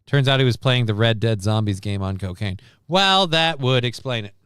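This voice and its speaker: A man's voice: medium pitch, animated, moderate pace, fairly bright tone, clean tone, dry recording, clean studio sound. A man hosting a livestream news show in casual chat, rambling, sarcastic and profane.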